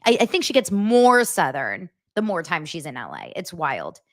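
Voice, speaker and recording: A middle-aged woman talks through celebrity gossip in a loose, chatty way. Her pitch swings widely as she goes. She now and then slips into exaggerated voices to act out what others said. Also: moderate pace. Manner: chatty, animated, acts out quotes in exaggerated voices. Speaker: gossip show host. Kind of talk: casual chat.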